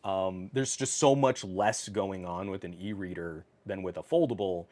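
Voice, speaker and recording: A man's voice: deep voice, normal speed, darkish tone. A man hosting a casual tech livestream from his home office, reading viewer comments, laughing often and talking with many fillers. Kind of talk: casual live-stream chat. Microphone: on camera.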